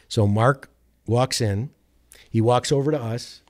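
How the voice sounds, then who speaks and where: Speaking slowly with frequent pauses, a man whose voice sits in the mid range shares a lengthy story from his work as a sports radio producer. The casual telling is animated and rambling, full of restarts, self-corrections, and voices he quotes.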